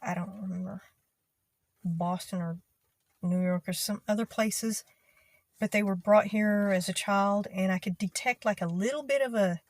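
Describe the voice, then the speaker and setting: A young woman from Texas with a Texas twang, talking casually to her channel in an easygoing, rambling way with many pauses and ums. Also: medium pitch, darkish tone, dry recording. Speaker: video creator. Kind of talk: casual talk to camera.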